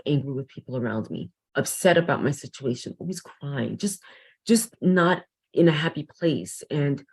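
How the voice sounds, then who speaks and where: A woman's voice: deep voice, darkish tone, husky. A woman teacher guesting on a podcast, speaking hesitantly with frequent restarts and ums. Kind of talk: podcast interview.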